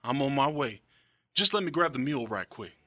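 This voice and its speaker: A man's voice: medium pitch, animated, a little fast, pushed and bright. A man playing a stern sharecropper father. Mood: weary. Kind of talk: audio drama acting.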